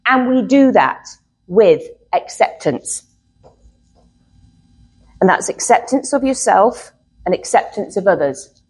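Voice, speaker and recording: A woman's voice: mid-range voice, breathy edge, low-quality recording. A middle-aged woman, a therapist, teaching a live workshop to a group in a chatty way, often checking in with "okay?".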